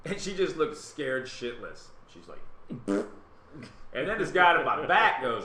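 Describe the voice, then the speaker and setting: A man with a Southern US accent hosting a live web talk show, telling a story in a casual, animated way and acting out other people's lines. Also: mid-range voice, moderate pace. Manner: animated, acts out quotes in other voices. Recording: roomy webcam stream with faint hiss.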